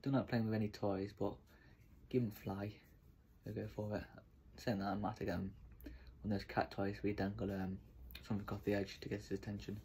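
Gravelly-voiced man chatting to his dog. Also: lowish voice, brisk, slight background noise. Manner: relaxed, rambling, affectionate talk to his dog. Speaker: vlogger. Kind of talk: casual chat while petting a dog.

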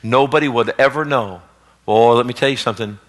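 A man preaching a sermon as pastor, swinging between loud exhortation and hushed storytelling. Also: mid-range voice, fairly quick. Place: church sanctuary, live service. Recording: long reverb of a church hall.

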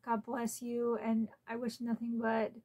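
A woman talks through a casual unboxing vlog at home in a slightly raised pitch. She is chatty and openly emotional, sometimes close to tears. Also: monotone, unhurried, a little mellow. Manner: chatty and emotional, tearful at times. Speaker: collector channel host.

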